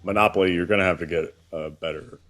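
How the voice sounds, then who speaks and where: A man with a low, deep voice co-hosting a live political stream. He adds dry, wry asides from a slight distance. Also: fairly even intonation, fast, a bit bright. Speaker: co-host.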